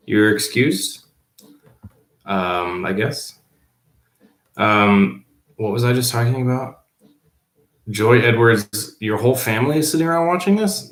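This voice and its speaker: Male teacher, lowish voice, offhand livestream chatter, roomy echo. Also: fairly bright tone. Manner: reads viewer comments aloud and answers them offhandedly. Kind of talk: casual livestream chat. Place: at home, below the baby's room.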